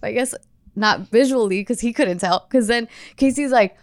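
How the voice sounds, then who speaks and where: Young woman telling a story, clear voice. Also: fairly high pitch, moderate pace, dry recording, studio quality. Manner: animated storytelling, frequent swearing. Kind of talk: casual chat.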